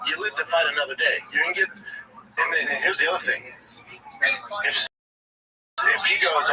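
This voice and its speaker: A man's voice: fairly high pitch, moderate pace, pauses often, loud music behind the voice. A man hosting a casual sports talk show, blunt and profane, often acting out what others said. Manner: blunt and profane, acts out quotes. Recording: distant mic with background noise.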